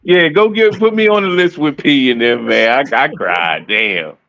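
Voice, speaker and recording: A man's voice: mid-range voice, expressive, a little slow, vocal fry, a bit bright, no room sound, lo-fi sound. A man guest on a casual live-stream chat, telling his story candidly with frequent restarts.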